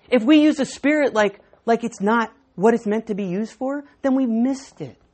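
Husky-voiced woman preaching a sermon. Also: a little high, normal speed, a little mellow. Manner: conversational, self-deprecating storytelling.

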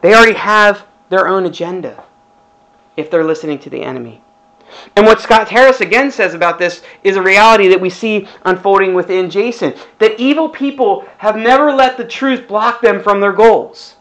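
A man's voice: extremely high pitch, fairly bright tone, rough recording. A middle-aged male pastor giving a conversational sermon, full of rhetorical questions.

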